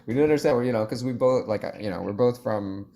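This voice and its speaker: A young adult man talking casually as a podcast guest. He tells stories with lots of energy and acts out what people said in loud, high, comic voices. His own speaking voice sits at a middle pitch. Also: quick pace. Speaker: guest actor.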